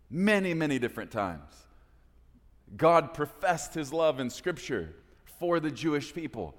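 A man preaching a sermon as pastor, swinging between loud, pleading peaks and hushed, intense passages. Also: medium pitch, big pitch swings, a little slow, big-room sound.

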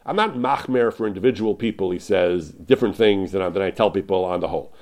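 A man's voice: low-pitched, fast. Man animatedly retelling rabbinic rulings. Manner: animated retelling, repeats "he says", frequent restarts. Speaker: Torah lecturer. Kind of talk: informal lecture retelling rabbinic responsa.

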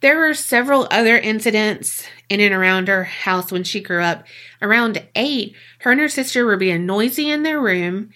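A woman's voice: mid-range voice, lively intonation, moderate pace, pushed and bright. A woman co-hosting a podcast, telling a spooky story in a chatty, casual way and swearing freely. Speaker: podcast co-host.

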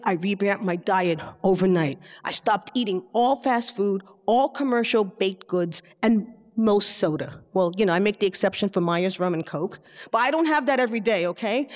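A woman from the Bronx telling a personal story to a live audience, chatty and animated, acting out her family members' voices. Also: medium pitch, long reverb tail. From the Bronx, New York City.

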